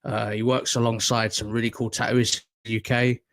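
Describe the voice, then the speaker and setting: A man's voice: medium pitch, level tone, brisk. Man with a northern english accent, podcast host, rambling, sweary, self-mocking, casual chat. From Northern England.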